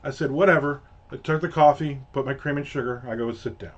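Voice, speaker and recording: In a brisk, mid-range voice, a man hosts a casual monologue, ranting through a story with exasperation and profanity. The recording is dull and lo-fi.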